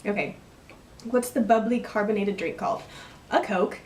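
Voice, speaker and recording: A woman's voice: mid-range voice, normal speed, a little mellow, echoey room, distant mic. Rambling young Texan woman vlogger. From Texas. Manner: chatty, rambling, self-deprecating. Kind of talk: casual accent tag vlog.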